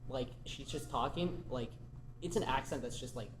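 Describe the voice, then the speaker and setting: A man's voice: mid-range voice, normal speed. Young man chatting in an echoey classroom. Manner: hesitant, filler-heavy, easily amused. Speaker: podcast co-host. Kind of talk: casual chat. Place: big classroom. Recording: echoey classroom, clear background noise.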